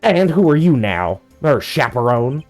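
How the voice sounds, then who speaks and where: A feisty young photographer woman with a thick American Southern drawl, put on by a man. She talks loud and sassy, pushing her lines with plenty of rise and fall. A game character read aloud over a faint tune. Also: medium pitch, sing-song, unhurried, faint music behind.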